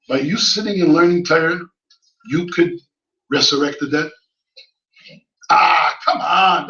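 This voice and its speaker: A man giving an impassioned Torah lecture at a yeshiva, speaking yeshiva English full of Hebrew terms and rising to shouted pleas. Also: a little high. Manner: swells from quiet teaching to crying, shouted pleas. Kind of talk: impassioned sermon. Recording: echoey hall, mic at a distance, dull sound.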